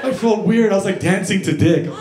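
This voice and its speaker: A man's voice: high voice, fairly quick, loud music behind the voice, over a noisy crowd. A man doing a stand-up comedy set, telling stories animatedly and acting out scenes on a club stage. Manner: animated storytelling, acts out scenes. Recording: echoey club, audience laughter.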